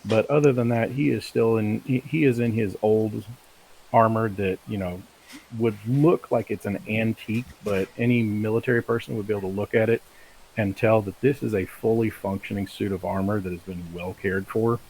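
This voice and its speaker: A man's voice: lowish voice, steady tone, moderate pace, a little mellow, a little hiss or hum, rough recording. A man as a player, hesitantly describing what his character does. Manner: hesitant, lots of fillers.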